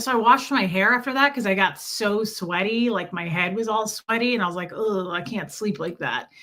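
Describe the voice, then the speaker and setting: A young adult woman hosting a casual livestream from home, chatty and friendly as she greets viewers by name. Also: on the high side. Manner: chatty, warm greetings, frequent laughs. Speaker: livestream host. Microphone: streaming setup mic.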